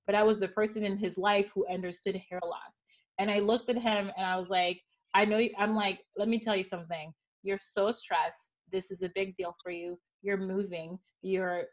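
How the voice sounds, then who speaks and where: A woman hosting a podcast panel, talking in an earnest, emphatic storytelling way. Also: mid-range voice. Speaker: podcast host. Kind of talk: heartfelt panel conversation.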